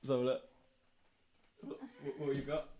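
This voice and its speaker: A man's voice: mid-range voice, level tone, moderate pace, warm tone. A man co-hosting a live stream with casual chat, laughing often and stumbling over restarts. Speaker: live show co-host.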